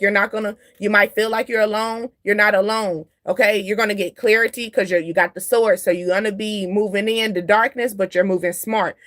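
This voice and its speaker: A woman with a slightly high voice runs a casual tarot reading for her viewers. She talks loosely and chattily, often stopping to check that the viewer is following. She drifts off topic and laughs at her own tangents. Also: a bit bright. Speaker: tarot card reader. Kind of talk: casual spiritual reading to camera.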